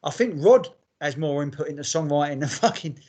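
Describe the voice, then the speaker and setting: A man on a podcast talking bluntly with his mate, his voice a touch higher than most men's. He swears freely and calls his friend mate. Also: expressive, fairly quick, darkish tone. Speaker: podcast co-host. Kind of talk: casual chat.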